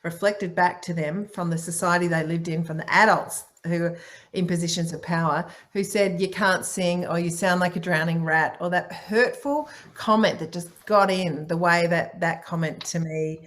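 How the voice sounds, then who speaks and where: A middle-aged woman speaking on a video call, answering questions in a warm, encouraging and playful way. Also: lowish voice, normal speed. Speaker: guest speaker, singer and author. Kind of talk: casual online talk answering questions.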